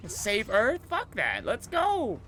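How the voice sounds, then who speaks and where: A man mimicking a brash, foul-mouthed male soldier in a loud, mocking, exaggerated voice. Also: high-pitched, wildly swooping pitch, slow, a little hiss or hum, voice pushed up, exaggerated voice. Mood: exasperated.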